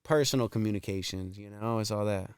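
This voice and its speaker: A man's voice: lowish voice, fairly quick, clear, resonant tone, no room sound, clean studio sound. A young man from Massachusetts, a rapper guest on a podcast, telling stories in casual slang with lots of swearing.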